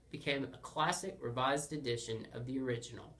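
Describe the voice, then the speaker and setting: A man hosting and narrating a comic story with a playful, deadpan delivery. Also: mid-range voice, moderate pace. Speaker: storyteller host.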